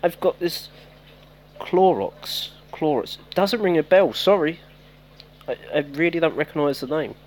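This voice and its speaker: A man's voice: on the high side, expressive, unhurried, darkish tone. A man giving casual live-stream commentary on a mobile game, chatting with viewers by name. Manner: chatty, talks to viewers by name, self-teasing.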